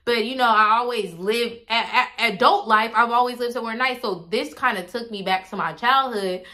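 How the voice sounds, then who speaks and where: Bright-voiced woman telling a storytime. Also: fairly high pitch, moderate pace. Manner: animated, swearing, chatty asides to viewers. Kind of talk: casual storytime.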